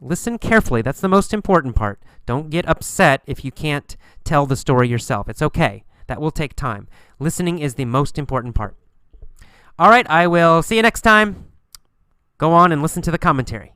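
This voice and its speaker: Man, English teacher, smooth clear voice, dry close sound, slow and patient. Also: a little high, expressive, pushed and bright, no room sound. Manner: slow, deliberate, repeats phrases for learners. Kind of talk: recorded language lesson.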